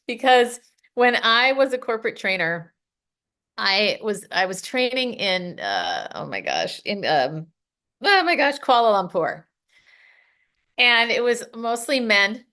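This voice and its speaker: A middle-aged woman from the United States, a podcast guest telling stories in a casual, animated way, laughing often and acting out what people said. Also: on the high side, takes it slowly. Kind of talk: casual storytelling.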